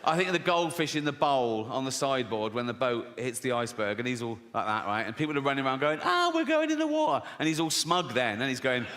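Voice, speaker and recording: Sardonic comedian. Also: male voice, medium pitch, fast talker, few pauses. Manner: sardonic, profane, frequently laughing. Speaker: stand-up comedian. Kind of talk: stand-up comedy. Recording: reverberant live venue, loud ambience.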